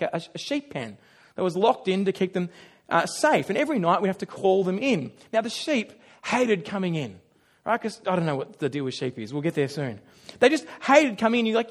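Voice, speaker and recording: A man with a noticeably high voice preaches a sermon, leaning into animated storytelling. He pokes fun at himself as he goes and slips into quick little voices to act out his stories. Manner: animated storytelling with self-deprecating humor. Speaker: pastor.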